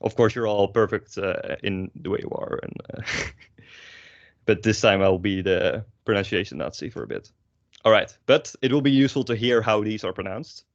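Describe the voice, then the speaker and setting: Young guy teaching online, lowish voice, lots of ums, dry jokes, kinda muffled call audio. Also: normal speed. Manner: wry, hesitant, many ums and uhs. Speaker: language teacher. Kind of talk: online class explanation. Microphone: video call.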